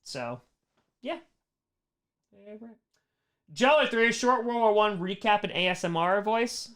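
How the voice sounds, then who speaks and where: A man's voice: high-pitched, slow, fairly bright tone, clean tone. A man hosting a casual livestream Q&A, answering chat questions in a rambling way, full of "like" fillers and blunt opinions. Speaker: streamer host answering chat.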